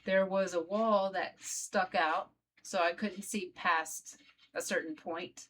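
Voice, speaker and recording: Woman telling a personal story, lowish voice. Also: fairly even intonation, slow, a bit bright, slight background noise. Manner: conversational, addresses viewers directly. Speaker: vlogger.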